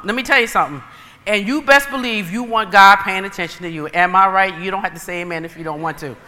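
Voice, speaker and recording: Bright-voiced woman preaching in a reverberant hall. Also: mid-range voice, quick pace. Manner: animated storytelling, acting out dialogue. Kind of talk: sermon.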